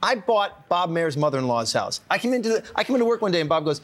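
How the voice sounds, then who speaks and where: A man with a fairly high voice, talking fast in a TV studio. He tells his stories in animated bursts with quick restarts, in casual on-air banter on a morning show. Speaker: morning show weather anchor. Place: TV news studio.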